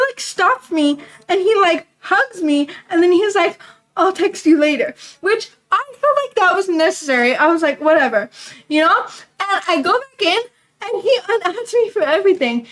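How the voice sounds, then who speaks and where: A young woman telling rambling personal stories in a casual vlog chat, talking fast and loud until she runs short of breath. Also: very high voice, animated, rough recording. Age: young adult. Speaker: vlogger.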